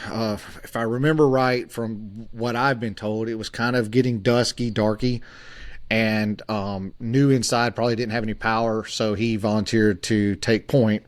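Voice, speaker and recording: A man in his forties, a podcast co-host, telling a story in a halting way with many fillers and restarts. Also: fairly low pitch, no echo.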